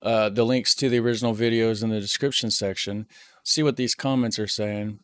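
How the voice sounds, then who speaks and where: A man's voice: on the low side, fairly even intonation, fairly quick, fairly bright tone, no echo. An American man hosting a reaction channel, chatting casually and repeating words as he thinks aloud. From United States.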